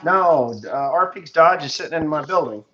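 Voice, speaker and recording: With soft music playing in the background, a middle-aged farmer from the United States rambles through joking stories on a livestream. His fairly high voice is expressive, pushed and bright, at a moderate pace. The recording is dull and lo-fi, with faint noise.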